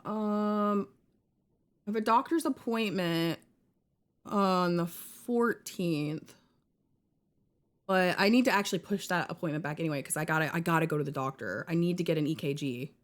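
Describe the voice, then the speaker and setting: A young woman live-streaming while she games and chats with her viewers, muttering one moment and breaking into loud outbursts the next, with a cough that keeps coming back. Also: fairly low pitch, moderate pace. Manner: excitable, swings between muttering and loud outbursts. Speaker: gaming streamer.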